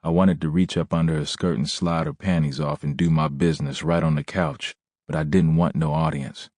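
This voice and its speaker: A man narrating a first-person audiobook in a plain, measured way. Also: rumbling low, steady tone, darkish tone, no room sound, clean studio sound.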